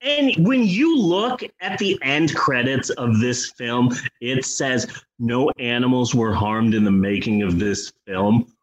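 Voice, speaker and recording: A man co-hosting a comedy movie-review podcast, talking in a profane, sarcastic, animated way. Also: mid-range voice, slow, lo-fi sound. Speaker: podcast co-host.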